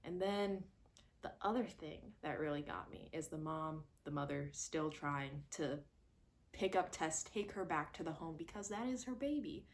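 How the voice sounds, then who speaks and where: A woman reviewing a horror movie in a casual, animated chat, often acting out scenes. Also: low-pitched, moderate pace. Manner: animated and expressive, acts out scenes in quoted voices.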